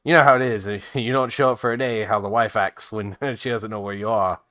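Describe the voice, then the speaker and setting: A man's voice: fairly low pitch, fairly even intonation, a little fast, a bit bright, natural voice. A man voicing a friendly, easygoing adult male townsman who is chatty and grateful.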